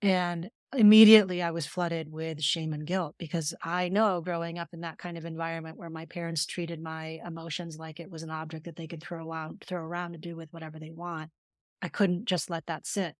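A woman's voice: sits low, little pitch movement, a little fast, no room sound, clean studio sound. A middle-aged woman therapist speaking earnestly and emphatically as a podcast guest, telling stories and explaining. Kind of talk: conversational podcast interview.

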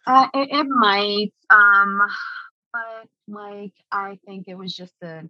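A middle-aged woman guest chatting in a relaxed, conversational way. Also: mid-range voice, slow, dry recording. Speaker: podcast guest. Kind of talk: casual conversation. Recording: slightly muffled dry mic.

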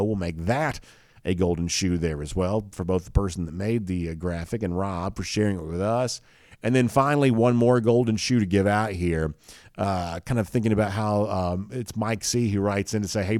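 A man with a lowish, slightly mellow voice hosts a daily college football talk show, recorded in studio quality with no echo. He rambles casually, correcting himself, restarting sentences, and leaning on frequent fillers.

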